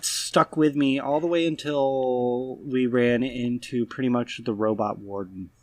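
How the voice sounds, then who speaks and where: A man's voice: medium pitch, fairly even intonation, a little slow, no echo. A man co-hosting a podcast, rambling casually about a game with frequent restarts and swearing. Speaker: podcast co-host. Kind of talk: casual gaming chat.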